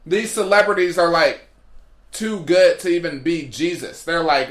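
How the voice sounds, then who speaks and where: A man's voice: on the high side, moderate pace, a bit bright. A man doing a rambling comedic storytelling monologue as a podcast host, drifting off on tangents. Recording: roomy echo.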